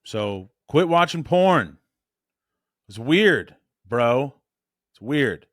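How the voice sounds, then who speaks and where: A man coaching on voice and presence in a blunt, animated, casual way, correcting himself as he goes. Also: medium pitch, extremely slow, no room sound, clean studio sound.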